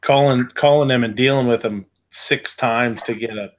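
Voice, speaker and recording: A man's voice: mid-range voice, normal speed. Easygoing guy hosting a stream, mid voice, kinda muffled lo-fi audio, rambles a lot. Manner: rambling, laid-back, self-interrupting. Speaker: livestream host reading chat. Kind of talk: casual chat. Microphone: online call setup, on a computer.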